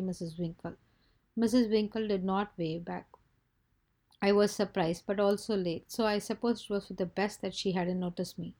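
A woman reads a first-person children's story aloud. Her narration is lively and expressive, and her voice sits at a medium pitch. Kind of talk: scripted narration.

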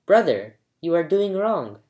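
Narrator doing a calm, good-hearted younger brother for a storybook, echoey room. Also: mid-range voice, measured pace, pitched above the performer's own voice. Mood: gentle. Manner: calm, peaceful and earnest. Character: gentle, kind younger brother, a young man.

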